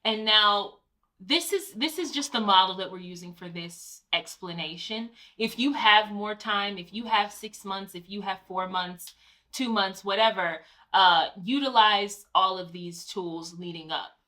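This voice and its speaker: Woman co-host, bright and forceful tone, casual advice chat, personal anecdotes. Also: medium pitch, measured pace. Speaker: co-host, Broadway actor.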